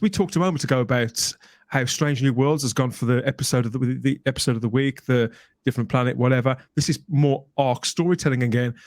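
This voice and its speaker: A man's voice: mid-range voice, dry recording. Enthusiastic man on a podcast, dry sound. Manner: enthusiastic, emphatic, repeats words when excited. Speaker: guest podcaster. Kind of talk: casual podcast discussion.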